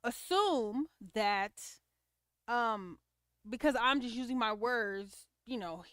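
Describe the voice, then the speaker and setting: A woman's voice: medium pitch, a bit bright, clear, resonant tone, no echo, studio quality. A woman hosting a casual livestream, giving opinionated commentary on clips and reacting to viewer comments. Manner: opinionated, talks back to chat comments.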